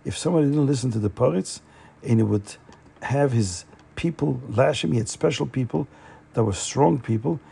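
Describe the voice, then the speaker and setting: A man narrates a story in a loose, chatty way, with frequent fillers and restarts. His voice is gravelly and husky, pitched slightly high but dark and mellow in tone. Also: normal speed. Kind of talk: casual oral storytelling.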